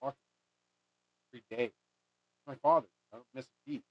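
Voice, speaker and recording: In a brisk, medium-pitched voice with a darkish tone, a man rambles through a casual monologue as he puts together a money charm. He swears often and trails off mid-thought, and the recording is dry, dull and lo-fi.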